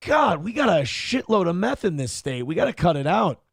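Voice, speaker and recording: A male morning-show host from Minnesota, working through live chat with crude, irreverent jokes. His voice is gravelly and sits a little high. The sound is close and dry, with no room around it. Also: very animated, moderate pace, no echo. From Minnesota, USA. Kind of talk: casual commentary reading live chat.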